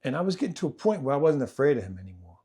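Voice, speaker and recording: Man retelling a hard childhood story. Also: racing. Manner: vivid, repetitive retelling that acts out family members' voices; swings between loud, animated stretches and quiet, low passages. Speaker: podcast host telling his life story. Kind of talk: personal storytelling in conversation.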